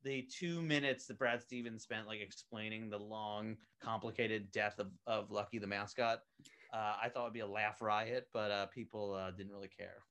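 A man's voice: on the low side, steady tone, moderate pace, fairly bright tone, smooth. Man, voice actor, casual interview, rambling, lots of fillers, eager. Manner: rambling, many fillers and restarts; eager, enthusiastic. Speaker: voice actor on an animated web series, interview guest.

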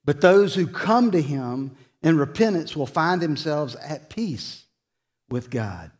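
A male pastor preaching a sermon in a church, slow and dramatic, rising to loud emphasis and dropping soft. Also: fairly high pitch, expressive. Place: church sanctuary.

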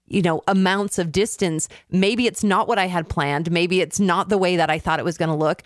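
A woman's voice: fairly low pitch, moderate pace, dry recording, clean studio sound. A woman hosting an interview, asking a thoughtful and earnest question. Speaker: host.

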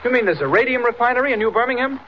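A man's voice: extremely high pitch, animated, very fast. An actor playing an earnest young male reporter who is secretly a hero, urgent and eager, in 1940s radio acting. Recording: dull noisy 1940s radio recording.

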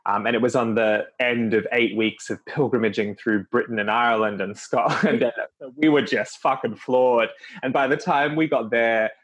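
A man hosting a casual conversation, relaxed and affirming, telling a rambling travel story. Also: mid-range voice, moderate pace, breathy edge, highs cut off.

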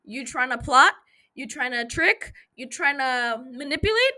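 A young woman with a high, bright voice talks into a podcast mic. Her recap is loose and chatty, full of swearing and jokes that she takes back right away. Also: expressive, slow. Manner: chatty, profane, jokey, self-interrupting. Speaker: podcast host. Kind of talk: casual episode recap chat.

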